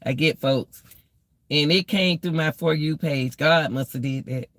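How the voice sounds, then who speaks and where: A woman's voice: deep voice, a little slow, dry recording. A woman giving casual life advice to her viewers, preachy, repetitive and emotional. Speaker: vlogger.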